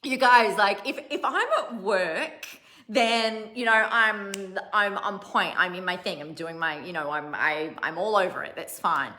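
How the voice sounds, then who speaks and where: A middle-aged woman talks casually to her online followers as a business coach. Her voice is crisp and bright. She chats freely, laughs at herself and often breaks off mid-sentence. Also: medium pitch, a little slow. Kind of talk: casual livestream talk to followers.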